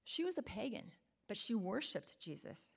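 Woman, sermon, earnest, emphatic, rhetorical questions, medium pitch. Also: big pitch swings, moderate pace, gravelly, breathy edge. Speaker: preacher.

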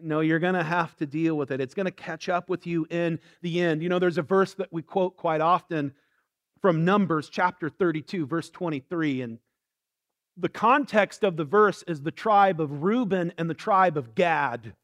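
A man preaching a sermon in an earnest way, reading scripture softly and slowly. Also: fairly high pitch. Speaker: pastor.

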